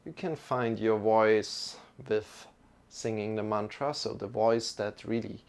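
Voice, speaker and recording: A man teaching a live-streamed yoga class, giving calm, gentle instructions and greeting viewers in the chat. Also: on the low side, takes it slowly, gravelly.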